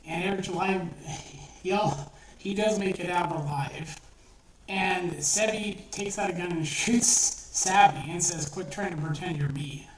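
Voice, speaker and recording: A speaker casually retelling a short story they wrote, rambling and profane, with many fillers and restarts. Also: mid-range voice. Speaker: online storyteller. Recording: roomy, distant mic with faint noise.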